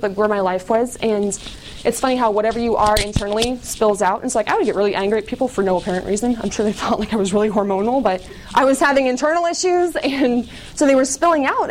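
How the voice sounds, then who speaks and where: A woman's voice: a little high, slight background noise, rough recording. A young woman from the United States giving a candid personal testimony to an audience, chatty and full of fillers.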